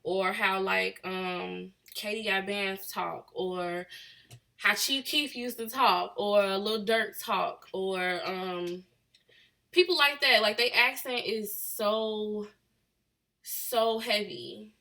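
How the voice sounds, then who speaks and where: Woman, late twenties, Chicago accent, bright voice, chatty live-chat host, drawling. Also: mid-range voice, slow, gravelly. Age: late 20s. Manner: chatty, drawling, answering comments. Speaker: livestream host. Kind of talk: casual live chat with viewers.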